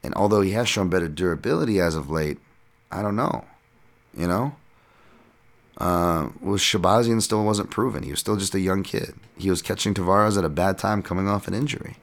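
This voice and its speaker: A man with a deep, low voice hosts a casual podcast breakdown. He talks through his picks off the cuff, circling back, restarting phrases and swearing casually as he goes. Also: a little fast. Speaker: podcast host and fight analyst.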